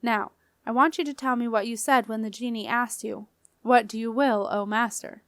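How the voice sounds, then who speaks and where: A woman's voice: fairly high pitch, steady tone, fairly bright tone, dry recording, studio quality. Woman doing a stern old witch aunt. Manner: stern, brisk.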